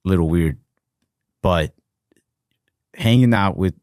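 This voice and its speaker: A man's voice: low voice, expressive, slow pace, a little mellow, dry recording, clean studio sound. A young man co-hosting a podcast, telling rambling, profane work stories in a casual chat with quoted voices. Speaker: podcast co-host.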